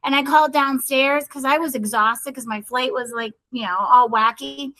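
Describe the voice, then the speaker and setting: A woman's voice: high-pitched, steady tone, normal speed, sharp tone, rough recording. A middle-aged woman co-hosting a podcast, rambling cheerfully through a personal story in casual chat. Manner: chatty, rambling storyteller, often addresses her brother. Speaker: podcast co-host.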